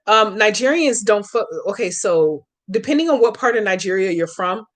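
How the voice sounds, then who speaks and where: With a medium pitch, lively intonation, and normal speed, a woman hosts a live Q&A as a hoodoo practitioner. She's brash and profane as she chats with viewers, and her step-by-step spell instructions are slangy and emphatic in this casual livestream tutorial.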